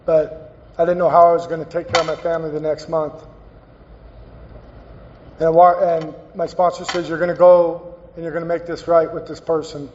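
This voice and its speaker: A man giving a personal, earnest recovery talk as a guest speaker, halting and repeating phrases as he tells his story. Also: fairly high pitch, level tone, a little mellow, a little hiss or hum. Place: meeting hall. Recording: dull, echoey hall recording.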